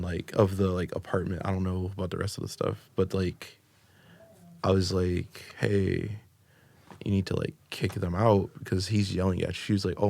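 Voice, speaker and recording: Low gravelly husky-voiced man. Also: darkish tone, dry recording. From United States. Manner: rambling, filler-heavy with constant "like" and "um". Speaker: podcast guest. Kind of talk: casual storytelling.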